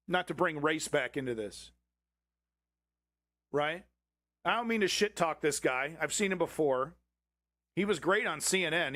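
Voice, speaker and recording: Brief: male stream host, angry profane rant, higher-pitched voice, dry close sound. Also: a bit bright, no echo. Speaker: livestream host. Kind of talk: profane political commentary over a clip.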